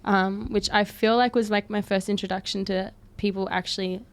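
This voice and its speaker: A woman's voice: mid-range voice, flat delivery, moderate pace. A young woman with an Australian accent, a podcast guest chatting casually and laughing often, with plenty of fillers. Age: young adult. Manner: giggly, lots of fillers and likes. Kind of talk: casual chat.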